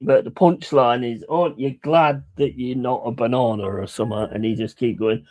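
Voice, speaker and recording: A man's voice: medium pitch, fairly even intonation, normal speed, few pauses, a little mellow, no echo. A man chatting casually on a live stream, rambling and swearing between chuckles.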